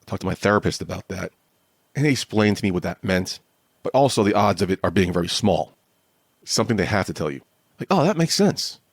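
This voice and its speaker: Deep-voiced man, candid solo monologue. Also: fast talker, husky, no room sound, clean studio sound. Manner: candid, rambling, self-deprecating. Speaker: podcast host.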